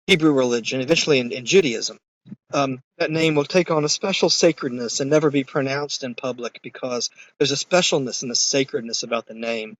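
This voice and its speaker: A male lecturer teaches a course in a relaxed, conversational manner, stressing key phrases with emphasis. His voice sits at an ordinary mid pitch. He pauses now and then with small fillers. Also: low-quality recording.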